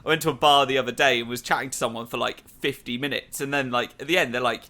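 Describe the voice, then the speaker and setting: Young British male podcast host, bright forward tone, rambly with lots of "like"s. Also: mid-range voice, fairly even intonation. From Britain. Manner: rambling, many "like" fillers, quick bursts. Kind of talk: casual podcast chat.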